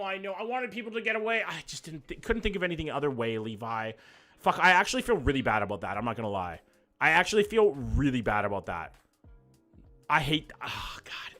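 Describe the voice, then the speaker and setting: Hosting a livestream, a young man reads viewer comments in a fairly high, bright and forceful voice. His banter is casual, profane and full of jokes.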